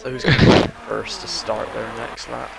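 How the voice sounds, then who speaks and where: A man doing live play-by-play commentary on a sim racing league, quick and chatty as he tracks the cars. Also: mid-range voice, level tone, gravelly, a loud crowd, heavy background noise.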